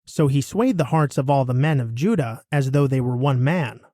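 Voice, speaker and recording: A man reading a Bible passage aloud in a steady, expressive way. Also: medium pitch, normal speed, dry recording, clean studio sound. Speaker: scripture reader.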